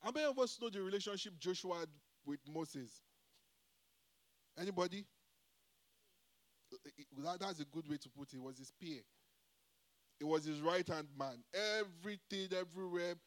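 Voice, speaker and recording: A man with a high voice preaches a sermon. He is emphatic and often calls out to the congregation to answer back. His loudness and pace swing from line to line. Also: moderate pace, long pauses. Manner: call-and-response, repeatedly asking the congregation "Hello?".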